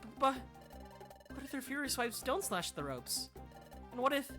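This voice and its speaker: A woman voicing a small, jumpy young cub who stammers in a high, panicky voice in a fan dub of a game. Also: big pitch swings, normal speed, over music.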